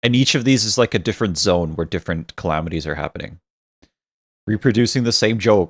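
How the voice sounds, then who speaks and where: A man streaming games live who keeps reacting in exasperated outbursts, swears and restarts when flustered, and drops into low mumbled reading of game text. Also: a little fast, a bit bright.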